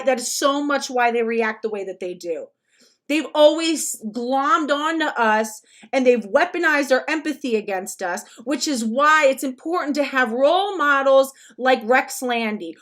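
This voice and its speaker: A woman's voice: sits high, a bit bright. A woman giving ranting reaction commentary in a blunt, profane, emphatic way. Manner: blunt, profane and emphatic, with mocking put-on quotes. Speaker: commentary vlogger.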